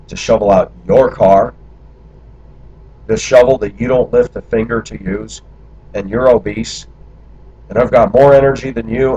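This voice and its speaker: A man's voice: mid-range voice, a little mellow, slightly rough. A man from the United States telling personal memories in a candid monologue, talking through them in long run-on stretches. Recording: dull lo-fi recording.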